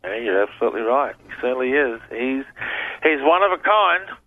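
A man's voice: medium pitch, brisk. A man with an Australian accent, a guest chatting agreeably on a radio show. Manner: agreeable, animated. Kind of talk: casual radio chat. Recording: phone line with background noise.

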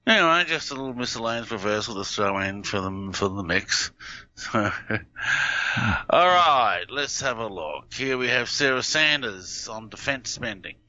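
A man with a non-American accent hosting a casual chat, relaxed, chuckling and trailing off into fillers. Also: mid-range voice, normal speed, no room sound. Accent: non-American English. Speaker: podcast host. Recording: dull lo-fi audio.

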